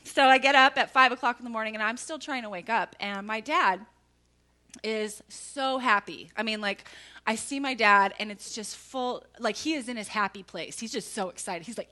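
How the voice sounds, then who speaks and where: A woman preaching a sermon, telling a lively personal story with emphatic asides to the congregation. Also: on the high side, normal speed.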